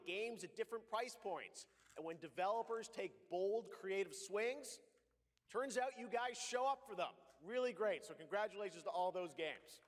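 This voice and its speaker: A man's voice: high-pitched, slight background noise. Upbeat man hosting in a hall. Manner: upbeat, emphatic, addresses players directly. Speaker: showcase host. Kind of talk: scripted stage presentation.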